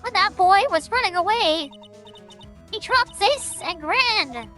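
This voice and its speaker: A cranky, shrill old woman gasps and huffs between loud, squawking threats. Her voice leaps very high and sharp, with wild swings. Faint game music plays underneath. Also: animated, slow pace, full character voice. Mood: huffing, ranting. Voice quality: shrill, gasping between words. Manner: shouting threats, huffing.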